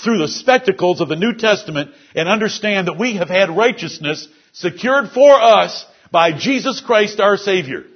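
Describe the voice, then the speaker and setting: A male preacher with a high, slightly husky voice delivers an expository sermon to his congregation. He walks through scripture word by word, explaining the grammar of each verse. The recording sounds dull and lo-fi. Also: expressive, normal speed, hardly any pauses. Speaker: pastor. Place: church service.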